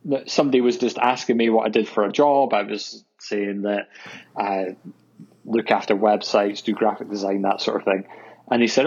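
A Scottish web designer appears as a guest in a casual podcast chat, hesitant and full of ums and uhs. His lowish voice is steady, darkish and slightly rough at a moderate pace, with the highs cut off.

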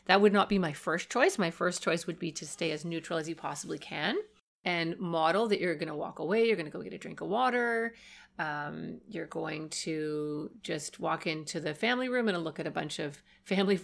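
A woman's voice: fairly low pitch, vocal fry. A middle-aged woman hosting a parenting podcast, talking through advice in a conversational way and acting out what a parent might say. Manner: conversational, acts out quoted parent lines.

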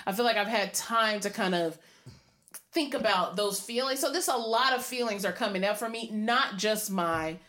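A woman's voice: mid-range voice, normal speed, fairly bright tone. A woman co-hosting a podcast, talking openly and reflectively about how she feels at home. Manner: open, reflective, rambling. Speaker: podcast co-host. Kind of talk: casual chat and reflective check-in.

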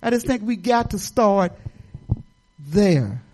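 A woman's voice: mid-range voice, very animated, slow, a little mellow, a little hiss or hum, poor audio. An older woman pastor talks her sermon more than she preaches it. Her delivery is folksy and conversational, wandering into personal stories and asides. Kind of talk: informal testimony sermon.

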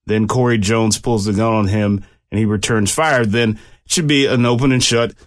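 Low-voiced man explaining a police case. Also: steady tone, moderate pace. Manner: conversational, explanatory, with restarts. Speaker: commentator and former police officer. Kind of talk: casual commentary on a case.

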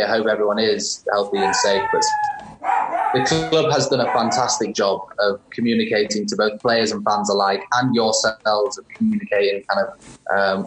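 Earnest English man, flat low voice. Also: reverberant, rough recording. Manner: earnest, measured, with fillers. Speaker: guest soccer player. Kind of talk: podcast interview.

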